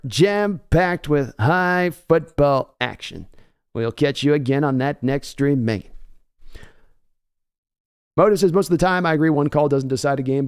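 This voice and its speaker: On a live sports reaction stream, the host reads out donations and chats casually with viewers. He is a man with a warm, mid-range voice, and he sounds hyped and talkative.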